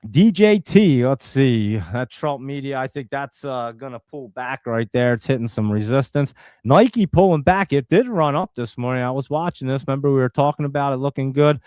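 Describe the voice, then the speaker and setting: A man's voice: mid-range voice, animated, moderate pace, a little mellow, clean tone, no room sound, studio quality. A man from New Jersey hosting a live stock market stream, talking casually and rambling in an exasperated way to his viewers. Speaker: stock market show host.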